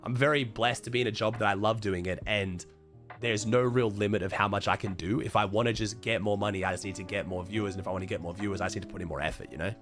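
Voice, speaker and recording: A young Australian man with a thick, raspy, hoarse voice, pitched low for a man, chatting casually to his stream viewers. He swears freely and his sentences trail off quietly. Faint music plays underneath. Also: steady tone, quick pace. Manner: loose and profane, trailing off quietly. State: hoarse from a chest infection. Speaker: streamer talking to chat. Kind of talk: casual livestream chat. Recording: faint music playing behind.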